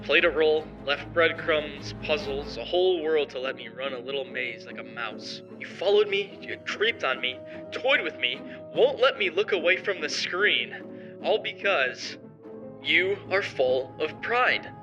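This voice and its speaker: A man's voice: medium pitch, steady tone, normal speed, hardly any pauses, dull audio, music in the background, close to an everyday voice. A young man voicing an arrogant male motivational streamer who speaks in a sarcastic, defiant, confrontational way in an amateur story drama.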